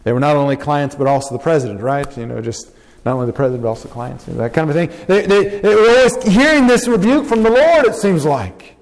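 Animated man preaching in a reverberant hall. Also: quick pace. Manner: animated, acting out quotes with big pitch jumps. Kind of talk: sermon.

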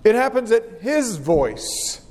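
A man preaching an earnest, measured sermon and reading scripture aloud. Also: high-pitched, big pitch swings, darkish tone, in a large hall.

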